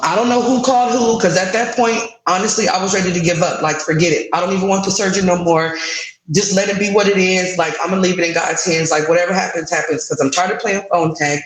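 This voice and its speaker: A woman's voice: on the low side, quick pace, reverberant, a little hiss or hum, poor audio. A woman in her thirties candidly recounting a frustrating personal experience in an interview, with emotion in her voice. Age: 30s. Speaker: guest sharing her story.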